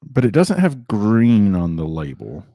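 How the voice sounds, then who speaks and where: Casting: male host, very low voice, dry close sound, loose anecdotal storyteller. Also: wildly swooping pitch, a little slow, warm tone, dry recording. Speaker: livestream host. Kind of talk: casual chat over drinks. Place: tasting room.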